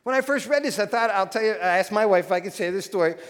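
High-voiced pastor preaching in an echoing hall. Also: male voice, quick pace. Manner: animated storytelling with frequent restarts. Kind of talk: sermon. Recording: long hall reverb.

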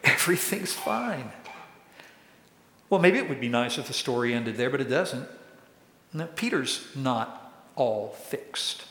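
A pastor preaching a sermon, who acts out quoted questions in a raised voice. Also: male voice, mid-range voice, animated, measured pace, fairly bright tone. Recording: echoey hall with long reverb.

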